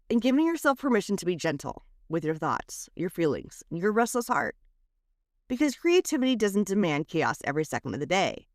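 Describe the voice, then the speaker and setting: Here a podcast host, a woman with a mid-range voice, reads aloud a scripted letter of reflection. She soothes and expresses in turn, swinging between raised phrases and quiet dips, and the studio sound is clean with no echo.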